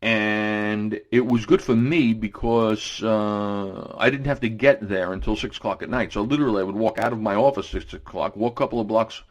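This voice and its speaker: A man's voice: on the low side, normal speed, few pauses. A man in his forties telling casual anecdotes on radio, rambling with many fillers and restarts. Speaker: radio guest storyteller.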